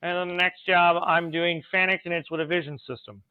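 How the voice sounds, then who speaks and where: A man, an automation engineer, telling work stories in a casual interview, animated and laughing now and then. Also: high voice, brisk, clear, resonant tone, dry recording. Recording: tinny phone-like remote call line.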